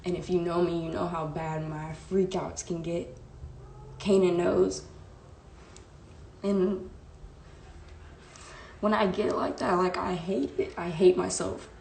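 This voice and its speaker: A woman's voice: lowish voice, steady tone, slow pace, creaky, pauses often, a little mellow. A young woman, telling a candid, emotional story to her live-stream viewers with lots of "like" and "bro.". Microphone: phone live stream. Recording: echoey room with faint background hiss.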